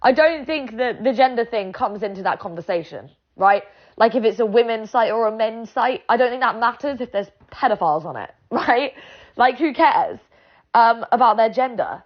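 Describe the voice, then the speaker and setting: A woman's voice: fairly high pitch, expressive, moderate pace, lo-fi sound. A woman with a British accent ranting bluntly and sarcastically in a vlog, swearing freely. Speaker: vlogger. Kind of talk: ranting monologue.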